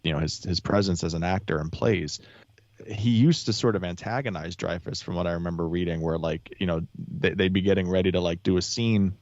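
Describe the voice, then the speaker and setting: A man's voice: low-pitched, steady tone, fairly quick, darkish tone, no echo, dull audio. A man talking as a podcast guest in a casual chat, rambling with many restarts and fillers.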